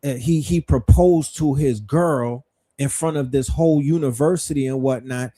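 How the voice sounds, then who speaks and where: A middle-aged man with a dark-toned, mid-range voice speaks at normal speed while hosting a livestream. He comments in a questioning, rhetorical way and doesn't hold back on the profanity.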